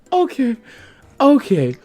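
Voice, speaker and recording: Giggly, lively male game master. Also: extremely high pitch, no echo. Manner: keeps breaking into giggly laughter. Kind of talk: running a tabletop game over voice chat. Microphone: desk mic on an online voice call.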